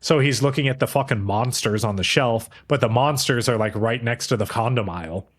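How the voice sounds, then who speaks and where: A man's voice: mid-range voice, brisk. Guy rambling through anime plots on a podcast, swearing, doing little character voices. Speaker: podcast co-host. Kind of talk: casual anime review chat.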